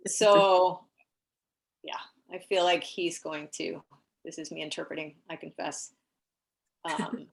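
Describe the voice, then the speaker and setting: A woman with a somewhat low voice who talks in a chatty, easygoing way, often breaking into light chuckles. She relays impressions from a pet during an online reading. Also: flat delivery, a little slow, creaky. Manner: light laughter, chatty, frequent fillers. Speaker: animal communicator.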